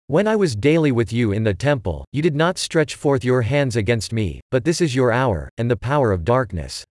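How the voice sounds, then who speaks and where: A man voicing a calm, solemn grown male teacher in a plain, even reading. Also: mid-range voice, normal speed, dry recording, clean studio sound, lightly acted.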